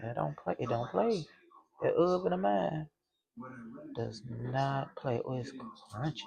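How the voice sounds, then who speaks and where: Chatty middle-aged woman, gravelly voice, crowd noise in the background. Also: rumbling low, rough recording. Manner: chatty, exclaims and laughs often. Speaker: cooking vlogger. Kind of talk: casual kitchen chat to viewers.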